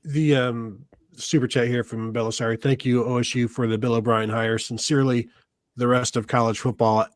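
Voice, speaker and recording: A man's voice: medium pitch, level tone, normal speed, no room sound. Male podcast host, casual and rambling, dry recording. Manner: rambling, many fillers and restarts. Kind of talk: casual live podcast chat.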